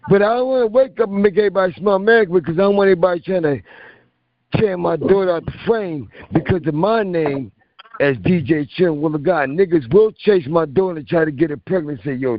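A man's voice: on the high side, animated, a little fast, no room sound. A man hosting a call-in radio show, talking in a rambling, emphatic, slangy way. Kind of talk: casual call-in radio chat. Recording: muffled internet radio stream.

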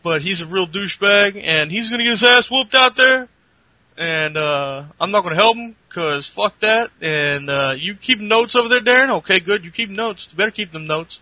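A man's voice: high-pitched, animated, normal speed, no echo, pitched above the performer's own voice, full character voice. A man doing a crude, boastful wrestler on commentary. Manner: loud, crude, taunting.

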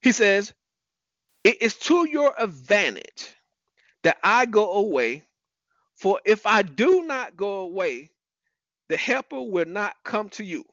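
A man with a high voice preaches a lively sermon and calls out to people in the room by name. The sound is dry and close. The recording is a little dull and lo-fi. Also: takes it slowly, long pauses, dry recording. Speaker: pastor.

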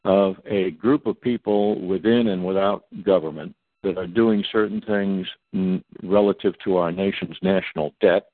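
Over a tinny phone line, a man appears as a guest on a talk radio show and delivers a long, emphatic monologue, spelling out acronyms letter by letter. His voice sits low and moves at a moderate pace, with no echo.

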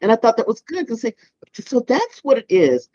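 A man co-hosting a casual panel chat, reflective and halting, with many "you know"s. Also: extremely high pitch, wildly swooping pitch, warm tone, no room sound. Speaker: podcast co-host. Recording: dull lo-fi sound.

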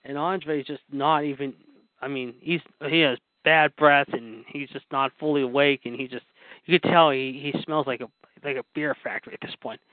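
With a mid-range voice, fairly even intonation and a moderate pace, a male podcast host tells wrestling stories in a loose, casual way. His storytelling about wrestling history is full of fillers and recurring asides. The sound is dry and narrow, like a phone.

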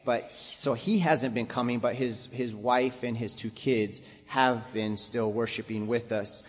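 A man's voice: medium pitch, fairly even intonation, measured pace. A man preaching a sermon to a congregation, building up to emphatic, repeated exhortations. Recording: long hall reverb.

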